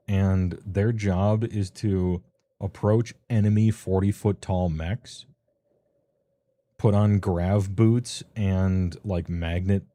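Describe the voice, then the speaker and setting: A man with a deep, very dark and mellow voice talks through game books in a loose, rambling stream. He is offhand and chatty, pausing on ums and laughing at his own asides. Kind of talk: casual rambling commentary.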